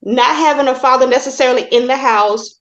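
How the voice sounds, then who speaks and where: High-voiced woman host in a roomy space. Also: brisk. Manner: excited, teasing, bursts into laughter. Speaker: podcast host. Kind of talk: casual interview. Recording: roomy, dull lo-fi sound.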